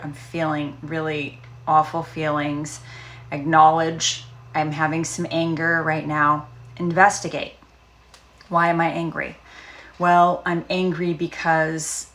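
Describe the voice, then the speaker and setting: Woman coach talking gently, low pitch, gravelly, lots of ums. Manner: gentle, coaching, with many fillers and pauses. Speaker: trauma recovery coach. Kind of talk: casual self-help talk.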